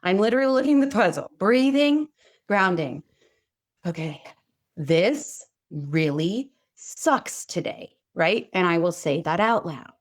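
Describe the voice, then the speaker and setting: A middle-aged woman co-hosting a heartfelt talk show, speaking casually and acting out her own quoted words with big jumps in her voice. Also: measured pace. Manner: expressive, acts out quotes with big pitch jumps. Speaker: podcast co-host. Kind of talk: casual chat.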